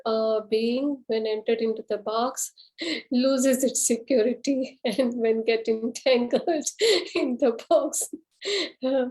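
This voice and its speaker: A woman's voice: fairly high pitch, dark tone, rough recording. A woman in a class sharing a thoughtful reflection, with laughter slipping in between phrases. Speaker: class participant.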